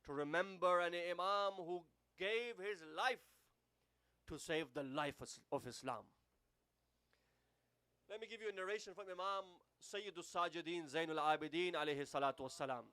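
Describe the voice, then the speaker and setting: A British man preaching a sermon with a fairly high voice. He climbs to emphatic, fervent peaks and then sinks into hushed, solemn passages. The sound is dry and close, with no room around it. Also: moderate pace, clean tone, dry recording. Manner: impassioned, rising to emphatic peaks then dropping to hushed tones.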